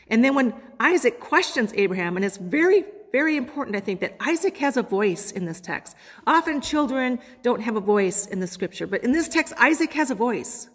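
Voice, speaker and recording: A woman pastor delivers a sermon in a church sanctuary, slowing down and pausing to quote scripture. Her voice sits a little higher than most, and it rings out with a long reverb in the hall. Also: expressive. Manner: preaching, quotes scripture with dramatic pauses.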